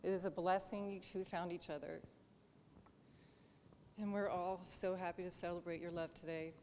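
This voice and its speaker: A woman's voice: on the low side, flat delivery, normal speed, darkish tone, in a large hall, a little hiss or hum. A nervous woman giving a sentimental rehearsal dinner toast for a family member, laughing between stories. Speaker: wedding toast speaker, family of the bride. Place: dinner hall.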